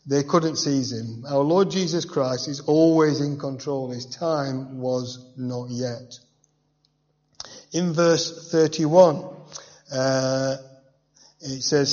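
A man with a slightly mellow, high-leaning voice gives a verse-by-verse Bible teaching conversationally, adding personal asides and rhetorical questions. The recording has a dull, reverberant hall sound.

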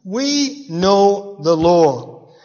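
A man putting on haughty, high-voiced boastful priests. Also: expressive, unhurried. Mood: scornful boasting. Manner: haughty, boasting, looking down on others. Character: arrogant boastful male religious leaders, scornful. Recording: dull, echoey hall.

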